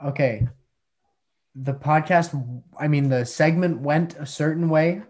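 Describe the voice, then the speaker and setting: A man hosting a comedy podcast, calmly placating his co-host. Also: fairly high pitch, slow pace. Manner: calm, placating.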